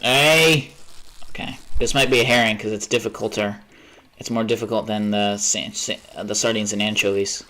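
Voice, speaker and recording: A man's voice: fairly low pitch, little pitch movement, a little fast, sharp tone. Rambling, swearing young man streaming. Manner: rambling, chatty, swears often, trails off. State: tired. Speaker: livestreamer. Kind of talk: casual gaming stream chat.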